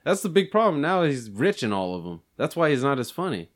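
A man's voice: medium pitch, very animated, a little fast. A man chatting casually with friends, swearing often, laughing a lot and slipping into mock voices. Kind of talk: casual chat among friends.

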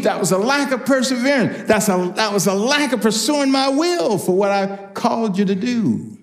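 An older man preaching a personal testimony, telling stories with lively quoted voices. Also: high voice, moderate pace, few pauses. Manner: animated storytelling, acts out quoted voices. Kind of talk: testimony sermon.

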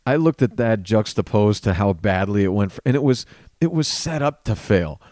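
Lower-voiced man telling stories, dry sound. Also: normal speed, dry recording. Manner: animated storyteller, swears freely. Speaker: comedian guest. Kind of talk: casual podcast chat.

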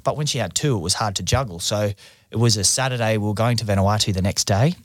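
A man's voice: fairly low pitch, fast talker, no room sound, studio quality. An Australian man in his thirties telling a funny family story on a casual podcast, laughing at himself. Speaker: podcast co-host.

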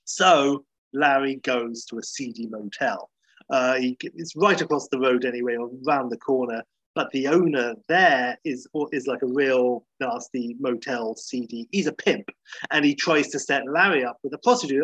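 A man retells a comedy episode in a loose, chatty way, filled with ums and uhs. His voice is husky and mid-pitched. The sound is dry and close. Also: moderate pace, a bit bright, dry recording, rough recording. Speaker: comedy recapper.

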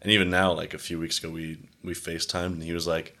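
Brief: young guy, low voice, loose rambling podcast chat, acts out little conversations. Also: completely flat delivery, fast, sharp tone. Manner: rambling, heavy use of "like", acts out quoted exchanges. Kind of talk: casual chat.

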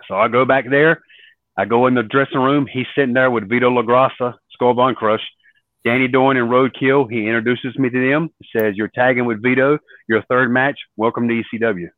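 A man recounting his career as a guest, slipping into the voices of the people he quotes. The sound is thin and tinny like a phone line, with no room around it. His voice sits at an ordinary pitch. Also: a little fast, no echo. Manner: animated storyteller acting out quoted voices. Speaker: podcast guest, former wrestler. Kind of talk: storytelling in an interview.

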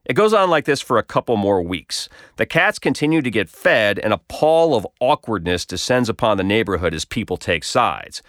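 A man's voice: fairly low pitch, sing-song, moderate pace, few pauses, a bit bright, no echo. A man reading his own comic story aloud with wry, dry humor. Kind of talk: scripted narration.

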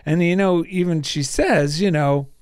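Man, podcast co-host, high voice, dry close sound, reflective musing. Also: measured pace, darkish tone, smooth, no room sound. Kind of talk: casual chat.

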